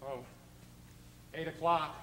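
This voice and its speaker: An actor playing a gentle, affectionate president who speaks hesitantly and sings as a tenor in a stage musical. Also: male voice, a little high, level tone, slow, echoey room, a little hiss or hum. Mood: tender. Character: gentle affectionate middle-aged president, husband. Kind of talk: stage musical acting with song.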